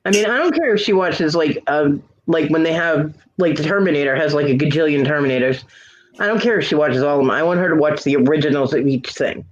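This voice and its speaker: A woman hosting a casual live stream hangout, chatting in an animated way and laughing often. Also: low-pitched, quick pace, highs cut off. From United States. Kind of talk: casual chat.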